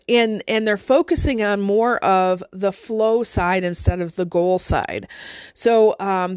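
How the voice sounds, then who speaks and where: A woman's voice: medium pitch, no room sound. A middle-aged woman life coach giving a motivational talk to listeners, conversational and full of rhetorical questions and "right?".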